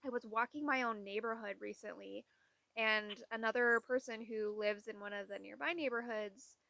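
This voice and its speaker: Speaking into the camera at a moderate pace, this young woman vlogger has a higher voice with fairly even intonation, vocal fry, and a pushed, bright quality, recorded without echo. Her casual talk is full of candid, exasperated anecdotes where she quotes others' voices.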